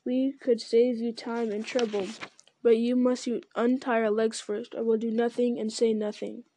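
A woman voicing a small, quick-witted young male hobbit who speaks carefully and quietly in an audiobook reading. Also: a little high, flat delivery, a little hiss or hum, natural voice. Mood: quiet, scheming. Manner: careful, measured, quietly cunning.

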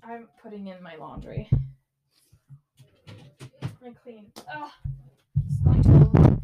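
A woman's voice: a little high, steady tone, extremely slow, long pauses, mellow, a little hiss or hum. A teenage girl hosting her own podcast from a small bedroom, chatting casually, swearing often and breaking into sudden exclamations of frustration. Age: teens. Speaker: podcast host. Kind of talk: casual solo podcast chat.

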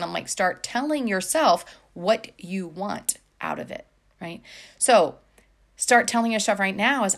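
A woman's voice: medium pitch, a bit bright. A woman life coach giving casual, encouraging advice to viewers, chatty with many fillers.

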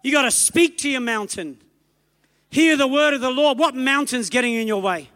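Guy preaching hard, quick emphatic bursts, big echoey church hall. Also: very high-pitched, sharp tone. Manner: emphatic, exhorting, rapid bursts. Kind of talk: sermon.

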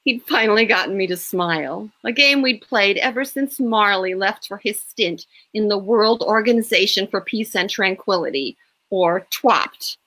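Author reading her own romance aloud, woman, bright, expressive. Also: medium pitch, a little slow.

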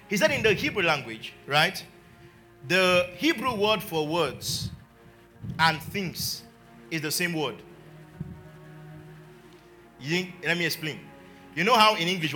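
A man, a pastor preaching a sermon and calling his congregation to repeat declarations after him. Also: high-pitched. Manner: calls the congregation to repeat declarations, swings from quiet talk to shouting.

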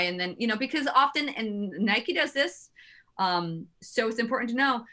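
Woman, bright voice, chatty, animated, artist guest on a podcast. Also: on the high side, moderate pace. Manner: animated, chatty, quotes herself often. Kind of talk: casual interview chat.

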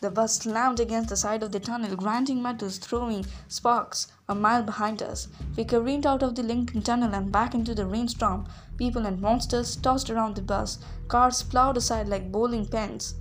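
A woman reading a novel aloud as a first-person narrator, lively, with occasional small slips. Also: on the high side, a little hiss or hum. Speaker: audiobook reader.

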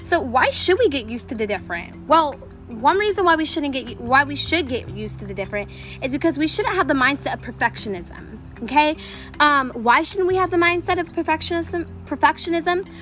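High-pitched woman, casual faith podcast host, chatty with fillers, faint music underneath. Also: animated, brisk, a bit bright. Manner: chatty, filler-heavy, enthusiastic. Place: outdoors.

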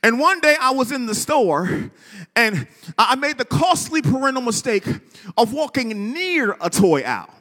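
A man's voice: extremely high pitch, big pitch swings, normal speed, pushed and bright, long reverb tail. A man preaching a sermon with rhythmic repetition, calling on the congregation to respond. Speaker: pastor.

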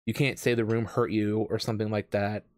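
A man telling a long story in casual chat, rambling with lots of fillers and restarts, getting animated. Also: fairly low pitch, brisk, dry recording, clean studio sound. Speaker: escape room game host.

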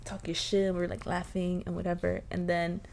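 A young woman co-hosting a podcast, telling stories in an animated, laughing, casual way with plenty of swearing. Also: lowish voice, brisk, vocal fry. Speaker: podcast co-host. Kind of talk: casual chat. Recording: faint background noise.

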